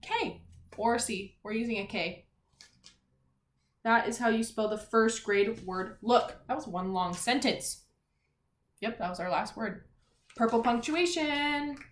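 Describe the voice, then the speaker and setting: Woman teacher, unhurried, encouraging, spelling lesson for young kids, roomy echo. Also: on the high side, slight background noise. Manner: slow, clear, encouraging teacher talk to young children. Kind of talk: early-grades phonics lesson. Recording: echoey room.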